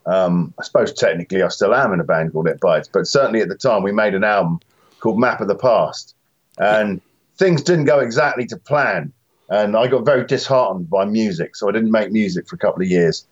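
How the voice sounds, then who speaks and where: A man's voice: on the low side, animated, fairly quick, dull audio. A man, a musician guest, talking casually and self-deprecatingly in an interview, with many fillers and restarts.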